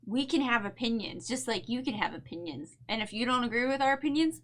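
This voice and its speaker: A woman's voice: fairly high pitch, lively intonation, fast, few pauses, a bit bright. A woman co-hosting a casual show, chatting in a bubbly way and laughing often, with a New Jersey accent. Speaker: podcast co-host. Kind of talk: casual chat recap.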